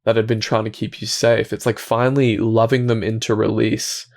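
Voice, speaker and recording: A man hosting a reflective self-help talk, speaking calmly and gently, often restarting his thoughts and dropping into soft, quiet asides. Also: on the low side, moderate pace, gravelly. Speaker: self-help video host.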